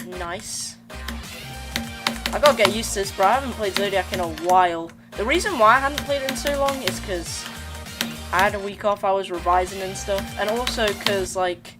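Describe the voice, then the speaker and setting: A woman's voice: medium pitch, moderate pace. A young woman streaming a game, chatting casually with viewers in a slangy, rambling way. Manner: slangy, rambling, talks to chat. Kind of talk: casual live-stream chat while gaming. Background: game music.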